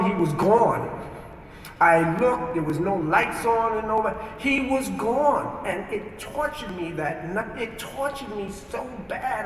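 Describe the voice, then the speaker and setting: A high-pitched, fairly bright-toned man from New York earnestly gives his life story as a testimony, acting out things he once said. The archive recording comes from an echoey hall with a distant mic and a little hiss or hum.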